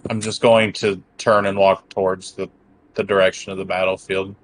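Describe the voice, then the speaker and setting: A man's voice: deep voice, little pitch movement, normal speed, slight background noise, poor audio. A man playing in a tabletop game, dry and matter-of-fact. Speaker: player. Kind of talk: casual role-play.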